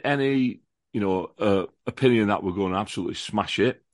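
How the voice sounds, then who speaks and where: A man's voice: lowish voice, brisk, no echo, studio quality. A man talking as a podcast guest, giving a chatty, enthusiastic football preview with many restarts and repeated words. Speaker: podcast guest, lifelong fan of the visiting football club. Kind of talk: casual chat, football preview.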